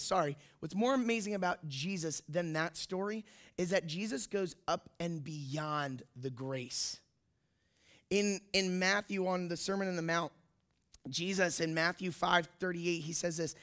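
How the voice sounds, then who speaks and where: A man in his twenties, a youth pastor, telling an animated story in a sermon and acting out the voices in it. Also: high-pitched. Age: 20s.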